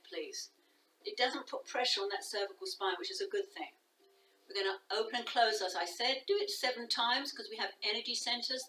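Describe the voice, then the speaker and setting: A woman teaching a guided yoga class, calm and soft-spoken, often dropping to a near whisper. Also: medium pitch, a little hiss or hum. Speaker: yoga instructor. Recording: echoey room, voice from a distance.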